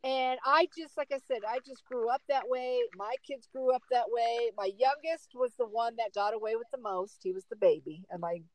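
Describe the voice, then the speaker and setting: A middle-aged woman telling a story in casual chat, emphatic and animated. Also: moderate pace, few pauses, rough recording. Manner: animated, emphatic storyteller with big swings in pitch.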